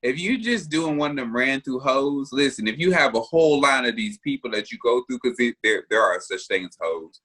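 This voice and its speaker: A man's voice: medium pitch, lively intonation, a little fast, few pauses, sharp tone, husky. A man co-hosting a podcast, teasing his co-host in casual banter and laughing often.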